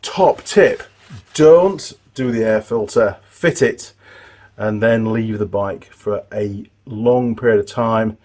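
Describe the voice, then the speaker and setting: A man's voice: lowish voice, darkish tone. A middle-aged man hosting a motorbike repair tutorial, chatting in a loose, rambling way with restarts and asides. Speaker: motorbike mechanic and channel host. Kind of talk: casual workshop tutorial.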